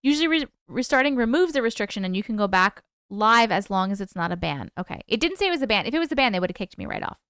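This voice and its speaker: A woman's voice: mid-range voice, sing-song, quick pace, few pauses, fairly bright tone, clean tone, no room sound, studio quality. A woman hosting a live stream, chatting casually and answering viewer comments aloud. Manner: asks viewers to vote. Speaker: livestream host. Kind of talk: casual livestream chat with viewers.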